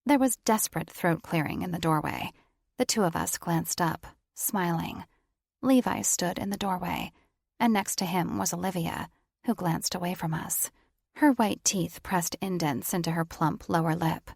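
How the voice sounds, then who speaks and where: A woman narrating a first-person romance audiobook in plain, even storytelling. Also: fairly low pitch, normal speed, gravelly, no room sound, clean studio sound.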